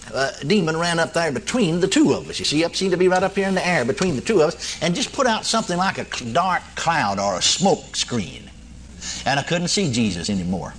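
A man preaching a recorded radio sermon, dramatic and emphatic, his pitch jumping up on questions and repeated phrases. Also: a bit bright.

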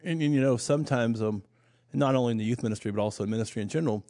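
A man talking casually about ministry, thinking out loud as he goes. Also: medium pitch, racing, no room sound, clean studio sound. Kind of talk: casual conversation.

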